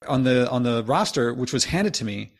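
A man in his fifties hosting a podcast, chatting casually and eagerly with a guest. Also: mid-range voice. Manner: quick, animated, chatty with restarts. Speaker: podcast host. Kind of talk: casual conversation.

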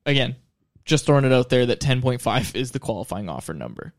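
A man's voice: mid-range voice, very animated, quick pace, no echo, studio quality. A man co-hosting a sports podcast, chatting casually and prodding his partner along with short remarks. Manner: brief, prodding interjections. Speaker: podcast co-host.

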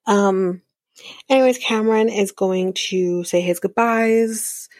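A woman's voice: mid-range voice, steady tone, slow pace, a little mellow, dry recording, clean studio sound. A woman hosting a podcast, recapping a reality show in a chatty, rambling way with lots of fillers. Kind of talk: casual recap chat.

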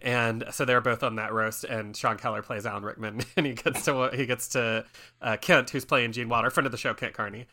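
A man hosting a casual film podcast, his voice bright and forward. He rambles through facts with plenty of fillers and breaks into laughter often. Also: mid-range voice, fairly even intonation, a little fast. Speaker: podcast host. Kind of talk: casual film-discussion chat.

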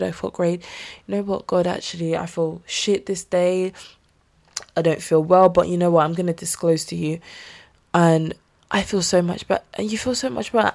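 A woman's voice: fairly low pitch, gravelly, a little mellow. A young woman hosting a solo podcast, talking earnestly and casually about faith, with lots of fillers. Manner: chatty, earnest, with frequent fillers and laughs. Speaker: podcast host.

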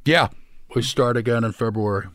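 A man's voice: mid-range voice, moderate pace, fairly bright tone, dry recording. An older man being interviewed, answering briefly with dry humor. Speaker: guest actor. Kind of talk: relaxed interview conversation.

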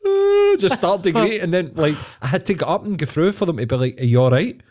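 A man's voice: a little high, quick pace. Sweary Scottish man telling stories. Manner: sweary, animated storytelling with acted-out quotes. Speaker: podcast co-host. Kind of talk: casual banter.

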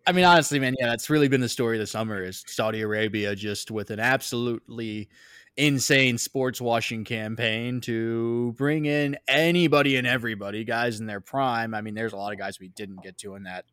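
Laid-back man with a smooth dry voice. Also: mid-range voice, brisk, a bit bright, no echo. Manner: laid-back, wry, trailing off. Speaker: podcast co-host. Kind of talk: casual chat.

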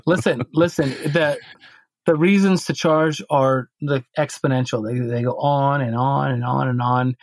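A man with a middle-pitched voice tells a story on a podcast, rambling and animated and tripping over his own restarts. The sound is dry and close, with no room around it. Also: a little slow, dry recording. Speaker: podcast co-host.

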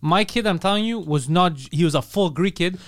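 Fast-talking man, emphatic and crude. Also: high voice, no echo, studio quality. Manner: rapid, emphatic, swears freely when acting out quotes. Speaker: podcast co-host. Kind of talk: casual chat.

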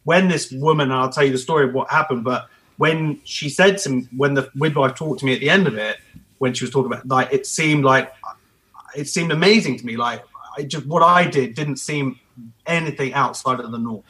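A man's voice: medium pitch, a little fast, a bit bright, poor audio. A man, a comedian, talking as a podcast guest in a blunt, emphatic, storytelling way. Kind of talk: podcast conversation.

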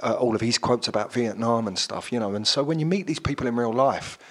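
Man, middle-aged, rapid rambling chat, lots of fillers. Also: medium pitch. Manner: rambling storyteller with many fillers. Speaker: actor guest. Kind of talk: casual chat.

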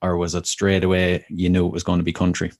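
A man with a very deep voice hosts a relaxed podcast interview over a video call. He asks open questions and answers with short, encouraging remarks. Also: quick pace. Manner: brief encouraging replies and questions. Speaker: podcast host. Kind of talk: casual interview.

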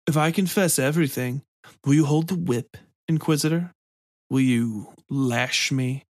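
A man's voice: medium pitch, measured pace, no echo, studio quality, lightly acted. A man voicing a sly, provocative village priest who taunts in a hissing, insinuating way. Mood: taunting.

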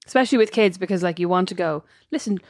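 Reflective woman, lowish voice. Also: racing, no echo, clean studio sound. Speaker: podcast co-host. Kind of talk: casual chat.

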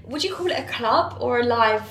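A woman's voice: a little high, lively intonation, a little fast, a bit bright. A young woman co-hosting a podcast in casual, chatty talk, laughing often. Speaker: podcast co-host. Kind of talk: casual chat. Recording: echoey room.

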